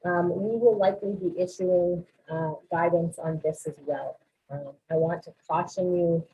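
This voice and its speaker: A woman's voice: fairly low pitch, steady tone, measured pace, mellow. A woman presenting a legislative recap for school boards in a businesslike way, with frequent ums and uhs. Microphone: online webinar call. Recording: tinny phone-like webinar audio.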